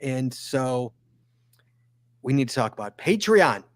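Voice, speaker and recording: A man's voice: medium pitch, big pitch swings, slow, no echo, clean studio sound. A man hosting a casual podcast, talking in a rambling, stop-start way. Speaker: podcast host.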